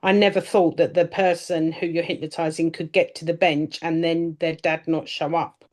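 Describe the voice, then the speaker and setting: A woman's voice: deep voice, level tone, moderate pace, a little mellow. A woman, a trainee hypnotist asking her trainer questions, hesitant and restarting as she thinks aloud. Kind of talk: casual chat, asking questions.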